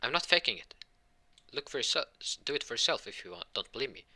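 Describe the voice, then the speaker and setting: A man voicing a whiny baby boy who protests loudly. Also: medium pitch, big pitch swings, racing, voice pushed up, full character voice. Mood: protesting.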